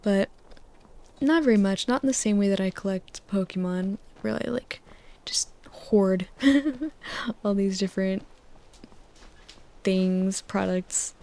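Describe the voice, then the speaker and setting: For a sleep-aid gaming video, a young host murmurs tangential rambles over gameplay, peppered with "like" and frequently fading into soft whispers, right up against a desktop USB microphone. Her pitch is medium, her pace slow, and she leaves long pauses.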